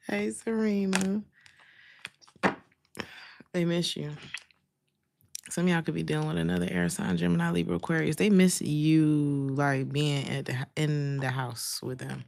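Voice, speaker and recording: A woman's voice: sits low, slow pace, creaky, long pauses, a little hiss or hum. A woman giving a casual tarot reading, chatting with her viewers in loose, slangy speech and laughing often. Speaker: tarot reader.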